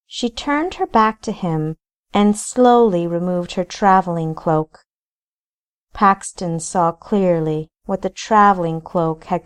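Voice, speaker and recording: Slow, low-voiced woman reading a novel. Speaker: author reading her novel. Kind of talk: audiobook narration.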